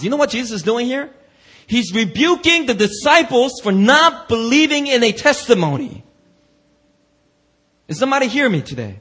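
A man preaches in church with a bright, husky voice that sits high and leaps around in pitch. He talks to the congregation in a loose, slangy way and keeps slipping into quoted voices to act out the story. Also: normal speed. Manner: animated, acts out quoted voices, slangy asides. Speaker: pastor. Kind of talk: lively sermon.

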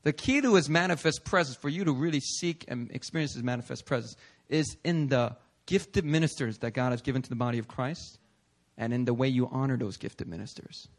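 A male pastor delivering a conversational sermon in a church, animated and prodding the congregation with "okay?" and "right?". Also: mid-range voice, a little fast. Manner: acts out listeners' voices in quotes. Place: church sanctuary.

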